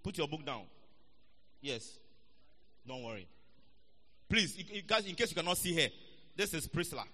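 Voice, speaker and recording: Bright-voiced preacher in an echoey hall. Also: male voice, a little high, lively intonation, moderate pace, long pauses. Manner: playful, teasing, repeats phrases for emphasis. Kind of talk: sermon. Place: church hall.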